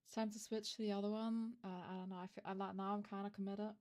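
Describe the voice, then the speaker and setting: A woman's voice: mid-range voice, level tone, quick pace, darkish tone. A woman streamer, not a native English speaker, reading fan fiction aloud and chatting with viewers in a hesitant, flustered way. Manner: hesitant, flustered, self-interrupting asides. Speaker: streamer host.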